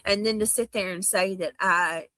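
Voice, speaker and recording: A woman's voice: mid-range voice, fairly even intonation, moderate pace, pushed and bright, dry recording. Emotional woman streamer. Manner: emotional, dramatic, pleading. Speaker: livestreamer in a played clip.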